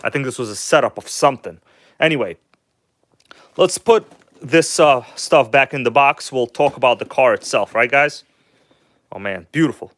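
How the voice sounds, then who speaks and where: A man rambles casually through a live stream, speaking to his viewers in an enthusiastic, blunt way with casual swearing. His voice sits at an ordinary middle pitch. The sound is dry and close, with no room echo. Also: moderate pace, long pauses, fairly bright tone. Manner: rambling, chatty, addresses viewers as guys.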